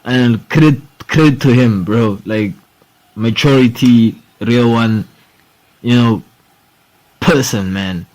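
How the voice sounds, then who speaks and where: A man's voice: mid-range voice, takes it slowly, long pauses, a little mellow, poor audio. A young man hosting a sports podcast, rambling in casual talk, swearing freely and saying "bro" and "dude" a lot. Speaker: podcast host.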